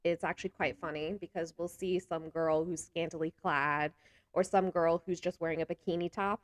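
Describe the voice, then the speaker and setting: A woman chatting casually to camera as a vlogger, animated, gesturing a lot and laughing often between remarks. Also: sits low, normal speed, dry recording. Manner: talks with hands a lot.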